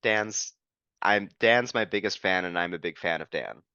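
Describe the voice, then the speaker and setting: A man's voice: low-pitched, moderate pace, pushed and bright, smooth, dry recording, dull audio. A man guesting on a podcast, talking in a casual interview in an earnest, playful way.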